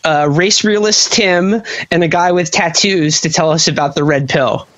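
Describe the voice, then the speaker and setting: A man's voice: on the high side, fairly bright tone, no room sound. A man co-hosting a comedy podcast, talking sarcastically and rambling in casual chat. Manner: sarcastic, rambling, quick jokes. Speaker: podcast co-host. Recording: dull lo-fi podcast audio, dry.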